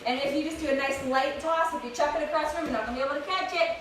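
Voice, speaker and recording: Her pace racing, a young woman with a bright, high voice leads kids through a live workout, upbeat and slightly out of breath. She's a fitness instructor working outdoors in an open space, heard at a distance through a strong echo and obvious background noise.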